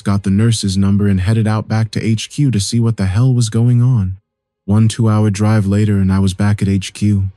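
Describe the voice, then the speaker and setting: Low, mellow male horror narrator. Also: dry recording. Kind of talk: first-person horror story narration.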